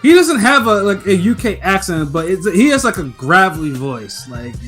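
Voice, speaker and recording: A man with a notably high speaking voice who chimes in with short remarks and agreement during a casual boxing podcast. Faint music plays underneath. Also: very animated, moderate pace, a bit bright. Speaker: podcast co-host.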